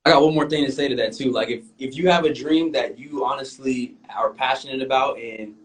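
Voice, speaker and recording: A young man co-hosting a podcast, talking earnestly in a casual, halting way with lots of "um"s. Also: mid-range voice, fairly even intonation, low-quality recording. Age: young adult. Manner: earnest, halting, many "um"s and restarts. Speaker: podcast co-host. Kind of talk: casual chat.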